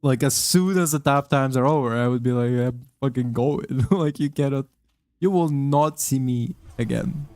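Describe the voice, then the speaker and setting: A man's voice: medium pitch, moderate pace, a little mellow, clear, resonant tone, no echo. A young man talking casually while he plays a game, rambling with lots of swearing, fillers and restarts. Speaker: gamer commenting while playing. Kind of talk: casual gaming commentary. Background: faint game music.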